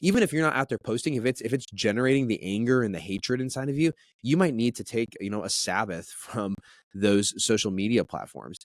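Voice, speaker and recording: Low-voiced man telling earnest stories. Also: brisk, no room sound, studio quality. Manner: earnest, animated, frequent restarts. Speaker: podcast guest. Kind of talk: conversational storytelling.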